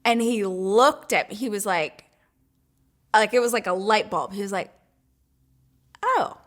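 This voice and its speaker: A woman hosting her own talk show, telling a personal story in a gushing, animated way and acting out her own thoughts. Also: medium pitch, normal speed. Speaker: podcast host. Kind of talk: casual storytelling chat.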